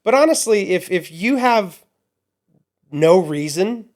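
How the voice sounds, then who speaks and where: Halting, jokey man in casual chat. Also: sits high, expressive.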